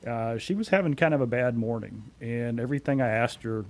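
A man in his forties, a company CEO, being interviewed and telling anecdotes in a relaxed way with frequent fillers. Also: mid-range voice, fairly quick. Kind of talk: conversational storytelling.

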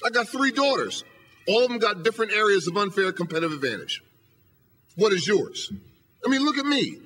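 A man's voice: sits high, very animated, a little fast, fairly bright tone. A man, a professor, giving an emphatic motivational speech from a podium, hammering home rhetorical questions. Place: lecture hall podium.

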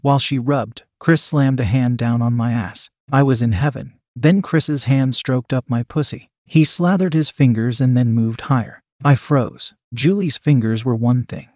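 A man's voice: medium pitch, moderate pace, few pauses, darkish tone, dry recording. Man reading a story in a dry close voice. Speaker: story narrator. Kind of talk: scripted first-person narration.

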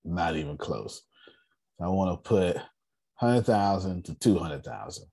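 Husky low-voiced man teaching on a call. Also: unhurried. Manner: animated, teasing, repeats for emphasis. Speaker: finance class leader. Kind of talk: casual online group lesson. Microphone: video call.

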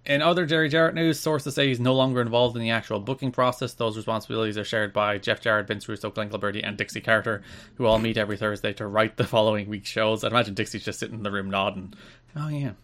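A man's voice: lowish voice, flat delivery, quick pace, fairly bright tone. A man co-hosting a casual podcast, reading out news items and riffing on them with dry humour. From Ireland. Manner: dry, reads news items then riffs. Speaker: podcast co-host.

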